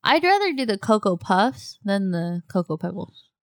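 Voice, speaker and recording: Blunt, bantering woman with a smooth voice. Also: medium pitch, big pitch swings, dry recording, clean studio sound. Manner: blunt, bantering, quick to react. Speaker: podcast co-host. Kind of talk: casual chat.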